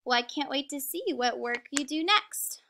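A woman teaching a kindergarten reading lesson on video, speaking slowly and encouragingly and stretching words out for small children. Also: high-pitched, animated, vocal fry, bright, forceful tone, slight background noise.

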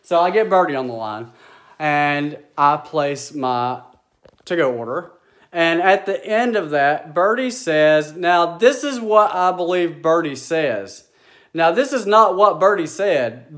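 A man telling a story in a casual, exasperated, animated way, acting out bits of dialogue. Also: fairly high pitch. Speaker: vlogger.

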